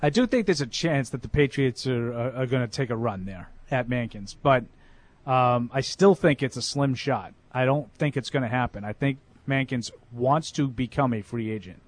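A man's voice: medium pitch, moderate pace, no echo. A man co-hosting a sports talk show, arguing his picks emphatically in casual debate. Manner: emphatic, argumentative. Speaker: sports radio co-host.

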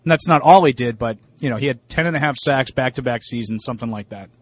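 A man's voice: medium pitch, quick pace, no echo. A middle-aged man co-hosting a sports radio show in casual talk, emphatic and opinionated, often restarting his words.

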